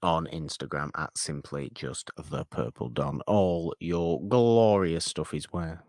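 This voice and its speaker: A man's voice: rumbling low, slow, a little mellow, dry recording, clean studio sound. A man hosting a podcast in casual chat, rattling off plugs and teasing his co-host.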